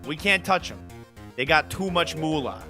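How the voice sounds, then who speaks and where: A man voicing a gruff, streetwise male police detective who talks bluntly in a folksy way, read from a video game. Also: on the high side, animated, moderate pace, pushed and bright, soft background music. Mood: gruff warning. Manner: blunt, folksy, calls people pal.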